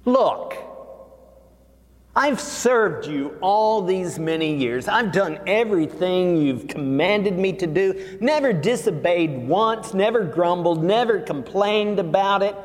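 A man's voice: lively intonation, slow pace. A man voicing a resentful older son, complaining in a raised, whiny voice in a reverberant hall. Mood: aggrieved. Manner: whiny, aggrieved, rising to a high complaint. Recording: long reverb of a large hall.

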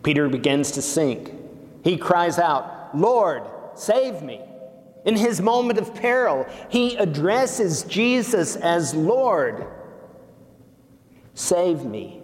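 A pastor preaching a sermon slowly and deliberately, rising for emphasis. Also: male voice, a little high. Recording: long reverb of a church hall.

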